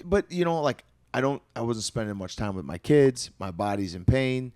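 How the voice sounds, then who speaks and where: A man in his thirties telling stories in casual podcast chat, animated and profane, often trailing off into hushed asides. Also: mid-range voice, normal speed, no room sound. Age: 30s. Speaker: podcast co-host, retired fighter.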